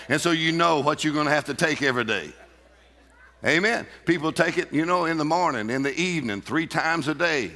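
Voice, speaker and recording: Gravelly bright-voiced preacher in a reverberant hall. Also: male voice, a little high. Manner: emphatic preacher who laughs often and calls out to the congregation. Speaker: pastor. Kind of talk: sermon. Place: church.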